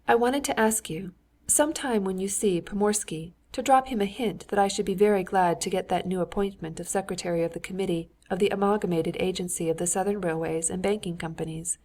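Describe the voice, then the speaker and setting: A woman's voice: medium pitch, a little fast, a little mellow, natural voice. A woman reading an eager, genial nobleman. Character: eager, genial middle-aged Russian nobleman.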